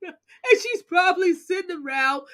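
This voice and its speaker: A woman hosting a channel, reacting bluntly and loudly to court clips in casual commentary. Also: very high voice, unhurried, crowd noise. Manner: animated, exclaiming, sassy and blunt.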